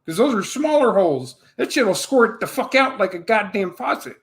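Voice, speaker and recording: A man's voice: high voice, expressive, moderate pace. A man from Puerto Rico in a casual chat, teasing, swearing and laughing often.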